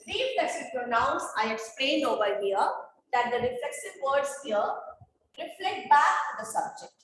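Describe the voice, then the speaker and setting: A woman teaching grammar in an online class, speaking slowly and repeating questions to her students. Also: sits high, pushed and bright, roomy sound, a little hiss or hum. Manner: slow, repetitive, quizzing students. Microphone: video call.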